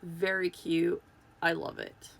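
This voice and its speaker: A woman chatting casually to viewers while unboxing toys, gushing and excitable, recorded on a phone. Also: on the low side, slow, creaky, background noise.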